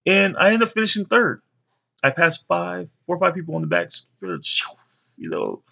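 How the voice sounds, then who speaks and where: Young father, rambling casual storyteller, gravelly bright voice, mid pitch. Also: normal speed, highs cut off. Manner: rambling, many fillers, animated when quoting others. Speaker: father telling stories to his sons.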